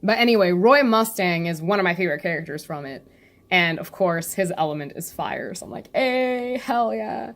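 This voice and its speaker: A woman's voice: fairly low pitch, fairly quick, a bit bright. A woman chatting casually about a webcomic, rambling off topic, laughing often and saying "like" a lot. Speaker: youtuber discussing a webcomic. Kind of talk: casual chat.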